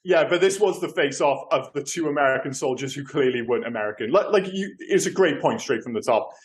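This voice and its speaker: A man in his thirties or forties co-hosting a casual film podcast, animated and full of fillers. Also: mid-range voice, a little fast. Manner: animated, many fillers and restarts. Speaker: podcast co-host.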